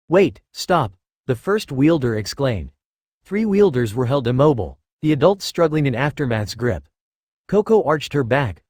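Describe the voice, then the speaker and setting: A man narrating fan fiction with a lively, rising and falling delivery. His voice is steady and expressive, and the recording is close and dry, with no room echo. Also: mid-range voice. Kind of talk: reading fan fiction aloud.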